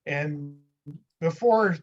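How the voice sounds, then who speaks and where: Older man, podcast guest, rambling anecdotes, slightly high voice, muffled lo-fi sound. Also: drawn-out words. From United States. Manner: rambling anecdotal storyteller with chuckles. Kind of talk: casual storytelling interview.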